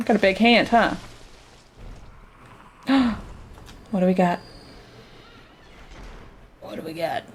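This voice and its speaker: A woman's voice: mid-range voice, slow pace, long pauses, slight background noise. A woman streamer chatting casually and reacting aloud as she plays a game. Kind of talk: casual let's-play commentary.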